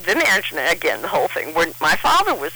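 A woman's voice: fairly low pitch, wildly swooping pitch, fast talker, bright, forceful tone, breathy edge, low-quality recording. A middle-aged woman telling a personal story in a rambling, emotional way, often restarting her sentences.

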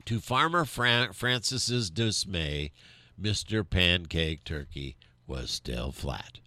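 A man reading a children's story aloud with animated, lively storytelling. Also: deep voice, takes it slowly, no echo.

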